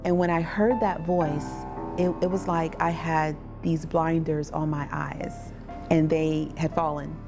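Woman, lowish voice, personal testimony, vivid storytelling, music bed underneath. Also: little pitch movement, measured pace. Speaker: trafficking survivor telling her story.

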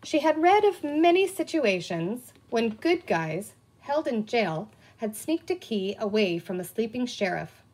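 A woman's voice: on the high side, breathy edge. A woman reading a children's book aloud, telling it expressively. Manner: expressive storytelling. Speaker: reader.

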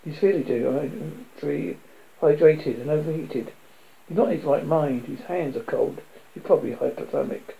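A man voicing a steady, level-headed young man in a read-aloud story. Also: fairly high pitch, moderate pace, vocal fry, poor audio. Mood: explaining.

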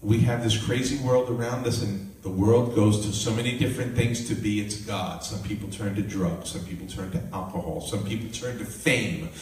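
Animated minister preaching in an echoey room. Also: male voice, fairly low pitch, normal speed, few pauses. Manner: lively storytelling, animated voices for quotes. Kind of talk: sermon with personal story. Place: live church gathering. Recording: echoey room, mic at a distance, faint noise.

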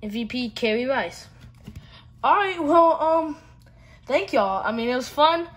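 A woman's voice: high voice, expressive, a little slow. A woman with a Southern US accent chatting casually to viewers while she opens card packs, with lots of fillers. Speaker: card-opening vlogger. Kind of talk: casual pack-opening chat.

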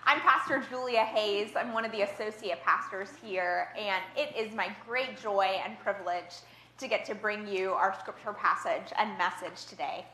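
A woman's voice: medium pitch, moderate pace, sharp tone, slight background noise. A woman associate pastor reading scripture and preaching a sermon, telling stories in a conversational way. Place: church sanctuary. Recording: echoey church sanctuary.

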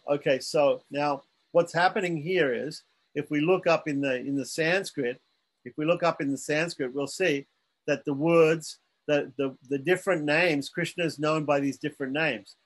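A man's voice: a little high, moderate pace. A man teaching from scripture, reading passages aloud and then explaining them patiently, often checking that his listeners follow.

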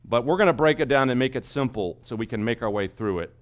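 Male Bible teacher, lively pitch, swings between loud and hushed delivery. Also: fast talker, hardly any pauses. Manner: animated, acts out skeptics' voices, swings from loud to hushed. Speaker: seminary teacher leading a Bible study.

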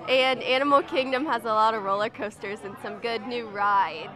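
A woman's voice: on the high side, moderate pace, music in the background, crowd noise. A teenage girl cheerleader answering interview questions earnestly, with some hesitation. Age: teens. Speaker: guest, cheerleader. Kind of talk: casual interview chat.

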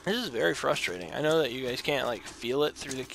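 Animated, gravelly-voiced man commentating gameplay. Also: mid-range voice, fast talker, a little hiss or hum. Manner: talks to himself, yelps and groans at setbacks; reads game text aloud. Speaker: let's play host. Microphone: desk microphone.

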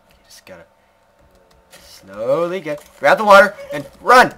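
A man giving let's play commentary, rambling to himself and the game with sudden loud outbursts. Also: on the high side, sing-song, unhurried, long pauses. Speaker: gaming video creator.

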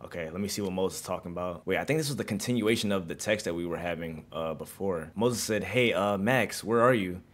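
A young man casually commentating on a video game, excitable and slangy, reading in-game texts aloud. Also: sits low, fast, few pauses. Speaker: gaming streamer. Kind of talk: casual let's-play commentary.

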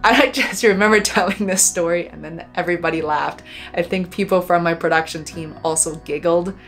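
Woman filmmaker, reflective vlog storyteller: earnest, heartfelt, unhurried, with fillers, lowish voice. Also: faint music behind. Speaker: documentary filmmaker and vlogger.

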